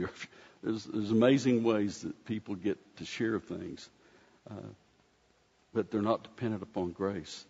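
A man's voice: lowish voice, a little mellow, husky. A man preaching a conversational sermon in a folksy, rambling way, often restarting his sentences. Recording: dull sound with long hall reverb.

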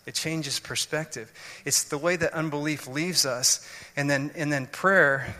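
A man preaching with a bright, cutting voice, working through scripture with earnest explanations and frequent restarts. His words ring out in a long, hanging reverb. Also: fairly high pitch, a little slow. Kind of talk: sermon.

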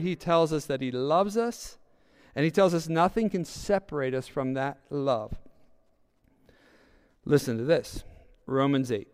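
A man's voice: on the high side, a little mellow. A male pastor preaching a sermon, repeating words for emphasis and reading scripture aloud.

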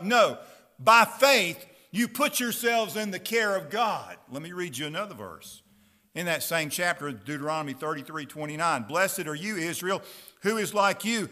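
Male preacher, high bright voice, unhurried, earnest scripture reading. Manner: reads scripture slowly and earnestly, asks the listeners questions. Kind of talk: sermon.

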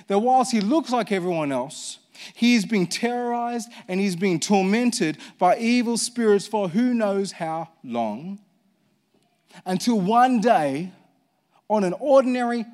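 A man's voice: sits high, darkish tone. A man preaching a sermon, reading scripture and explaining it, emphatic and repeating phrases for effect. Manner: reads scripture aloud.

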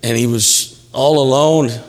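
Slow, emphatic male pastor in an echoey church. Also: mid-range voice, steady tone. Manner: emphatic and repetitive, with jokes. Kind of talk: sermon. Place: church sanctuary. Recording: reverberant church hall.

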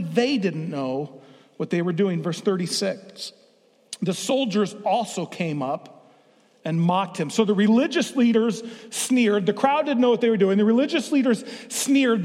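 Playful pastor in a reverberant hall. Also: male voice, sits high, a little mellow. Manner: playful, engages the congregation. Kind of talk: interactive sermon. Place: church sanctuary.

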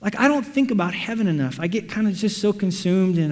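Animated male pastor in a reverberant hall. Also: high voice, fairly quick, hardly any pauses. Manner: animated, acts out quotes and everyday scenes. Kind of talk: sermon.

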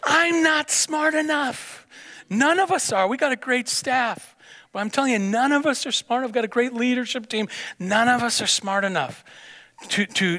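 A pastor preaching a sermon, telling a story with stammered restarts and repeated words. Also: male voice, sits high, bright, forceful tone. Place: church sanctuary. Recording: long church hall reverb.

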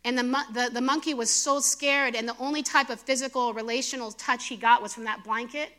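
Woman preacher, middle-aged, bright and emphatic sermon delivery. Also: on the high side, fairly quick. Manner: animated, emphatic, asks the audience questions.

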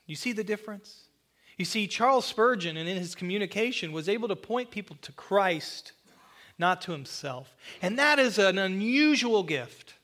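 A man with a notably high voice preaches to his congregation in a church sanctuary. He is earnest and slows right down to stress key phrases, with a bit of self-deprecating humor along the way. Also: lively intonation, bright, forceful tone. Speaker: pastor. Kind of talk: sermon.

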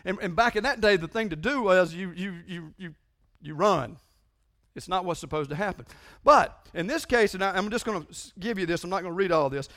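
High-voiced preacher man. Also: animated, fairly quick, a bit bright. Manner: conversational, emphatic preaching with frequent repetition. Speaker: pastor. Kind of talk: sermon.

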